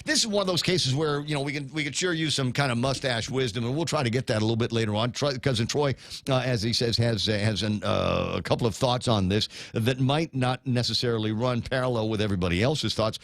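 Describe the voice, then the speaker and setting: A man's voice: mid-range voice, fast talker, dry recording. A middle-aged man hosting a morning talk radio show, rambling with many fillers and restarts as he reads out listener comments. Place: radio studio.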